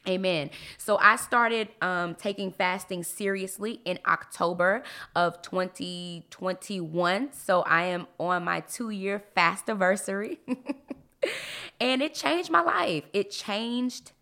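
A woman hosting a casual faith podcast, lively and expressive, her voice swinging up and down as she talks and laughs. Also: medium pitch, slow. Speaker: podcast host.

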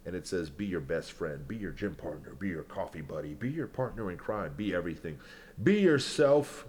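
A man's voice: low-pitched, fairly quick. Profane rambling male podcast host. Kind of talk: casual solo commentary and freestyle rap.

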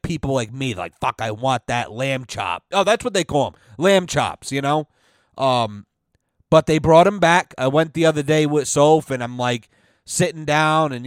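A young man hosts a podcast, rambling through comic stories and swearing constantly. His voice sits a little high for a man. The sound is close and dry, with no room in it. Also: no room sound. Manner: profane, rambling, animated storytelling. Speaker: podcast host. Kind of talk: casual comedic monologue.

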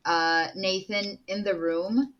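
A woman playing a tabletop role-playing game, expressive and swearing freely. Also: mid-range voice, slow pace, dull audio. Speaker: player.

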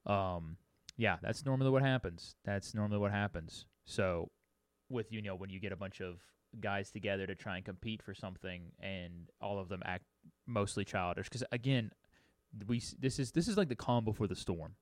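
Male co-host, lowish voice, dry close mic, opinionated musing talk. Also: normal speed, dry recording. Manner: opinionated, musing, lots of restarts. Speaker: podcast co-host. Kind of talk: casual recap chat.

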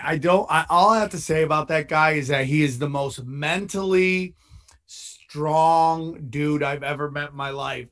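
A man's voice: on the high side, sharp tone. A man hosting a podcast in casual, laid-back chat, calling everyone "dude". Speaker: podcast host.

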